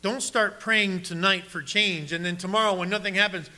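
A man preaching a sermon, reading scripture and questioning his congregation directly, sometimes dropping to a soft, low voice. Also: steady tone, moderate pace, hardly any pauses. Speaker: pastor.

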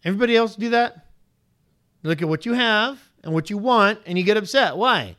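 A man preaching a sermon to a congregation, animated and questioning, his pitch rising sharply on points of emphasis. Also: a little fast. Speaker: pastor.

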